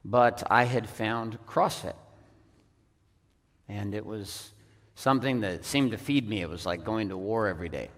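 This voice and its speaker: A man's voice: on the low side, measured pace. A man speaking to a seminar audience, telling his own story in a blunt, profane way with frequent ums. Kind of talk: personal story told to an audience. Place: large event hall. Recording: echoey hall.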